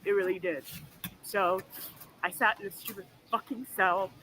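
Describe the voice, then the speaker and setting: A woman's voice: medium pitch, steady tone, moderate pace, pushed and bright, a little hiss or hum, rough recording. A woman in her forties, upset and tearful, swearing as she talks into her phone in an emotional vlog after an arrest. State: crying. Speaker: vlogger.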